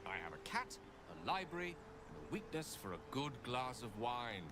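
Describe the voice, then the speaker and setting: An actor playing a suave, bookish male wizard companion in a video game, with a smooth, refined manner. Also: medium pitch, very animated, moderate pace, very noisy, close to an everyday voice. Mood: charming. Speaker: game character.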